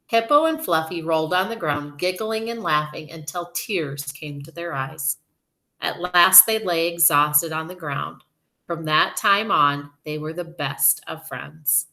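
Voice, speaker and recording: A woman teacher reading a storybook aloud to children, slow, expressive and gentle. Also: sits low.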